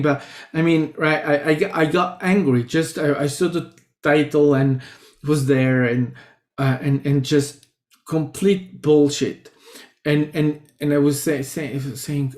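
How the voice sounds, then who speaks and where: Slow, reflective man with Italian accent. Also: a little high, darkish tone. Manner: halting, many restarts and fillers. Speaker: spiritual teacher. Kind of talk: reflective casual monologue. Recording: roomy echo.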